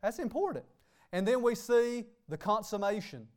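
A man's voice: high-pitched, sing-song, moderate pace, darkish tone. A man preaching a sermon as pastor, emphatic and repeating "hey" and "okay" between phrases. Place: church sanctuary.

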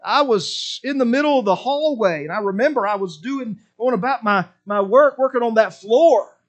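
Male preacher with a very high voice, fervent sermon delivery, big swings between shouted bursts and hushed asides. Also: normal speed, highs cut off. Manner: passionate, swinging from loud exclamations to low quiet asides; repetitive, emphatic preaching cadence.

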